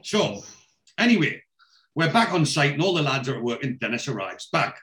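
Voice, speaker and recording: A man's voice: mid-range voice, sing-song, moderate pace, fairly bright tone. A man chatting casually, retelling the scenes of a TV episode and swearing freely as he goes. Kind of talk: casual TV episode recap chat.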